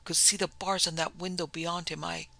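A man's voice: a little high, little pitch movement, normal speed, gravelly, pushed and bright, dry recording, heavily acted. A man voicing a big, terrified male convict who stammers and pleads through chattering teeth.

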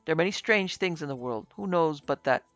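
A man's voice: on the high side, lively intonation, brisk, a bit bright, dry recording, faint music behind. A man voicing a broad-shouldered sub-inspector who muses with doubt. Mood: musing.

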